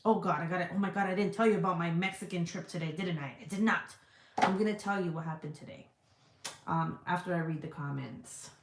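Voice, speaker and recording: A woman's voice: on the low side, brisk, echoey room, heavy background noise. A woman hosting a casual livestream, reading viewer comments aloud in a rambling, profane, giggly way. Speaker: livestream host.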